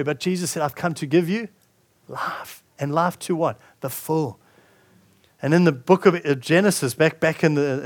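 A male pastor preaching a sermon, reading scripture aloud and commenting on it with frequent restarts. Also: a little high.

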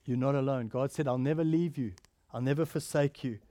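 A man preaching a sermon, swinging between emphatic raised lines and soft, quiet passages. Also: medium pitch, brisk, dry recording, clean studio sound. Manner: earnest preaching, rising to emphatic then dropping soft and quiet.

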